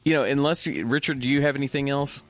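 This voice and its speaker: A man's voice: medium pitch, fairly even intonation, quick pace, a bit bright, soft background music. A man co-hosting a podcast in casual chat, frank and joking, steering the conversation. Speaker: podcast co-host.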